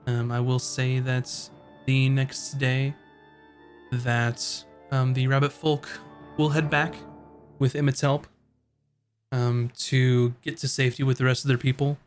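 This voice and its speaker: A man running a tabletop game as game master, relaxed and filling pauses with ums. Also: medium pitch, soft background music. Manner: relaxed, many ums and uhs.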